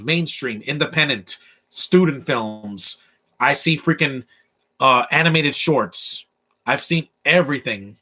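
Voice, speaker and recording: Young guy, twenties, bright voice, off-the-cuff movie commentary, blunt and rambly. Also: medium pitch, slightly rough. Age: 20s. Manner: blunt, rambling, opinionated, many restarts. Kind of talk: casual live movie commentary.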